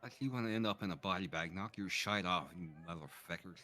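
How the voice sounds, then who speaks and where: A man playing a tabletop game, talking gruff and swearing. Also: sits low, fast talker, sharp tone, slight background noise. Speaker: player.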